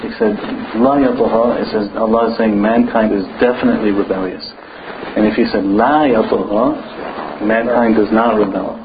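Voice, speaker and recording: Encouraging low-voiced male teacher. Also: flat delivery, muffled recording, noisy background. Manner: encouraging, repeats sounds slowly for students. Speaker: Quran recitation teacher. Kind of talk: patient classroom instruction.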